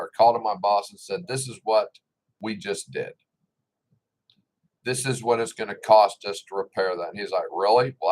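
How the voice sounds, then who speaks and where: Blunt, indignant low-voiced man. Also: rough recording. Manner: blunt, indignant, sarcastic, swears freely. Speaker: political commentator. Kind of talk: casual opinion monologue.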